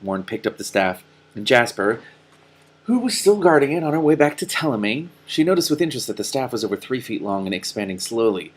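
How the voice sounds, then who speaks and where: A man reading a fantasy novel aloud, breaking off for animated, laughing asides. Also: mid-range voice, fairly quick, husky. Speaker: reader.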